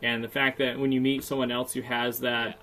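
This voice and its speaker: Chatty upbeat man, hoarse voice. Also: medium pitch, level tone, normal speed, pushed and bright, slight background noise, poor audio. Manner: chatty and upbeat, laughs often, many fillers. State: voice getting hoarse. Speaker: podcast co-host, self-published author. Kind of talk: casual chat.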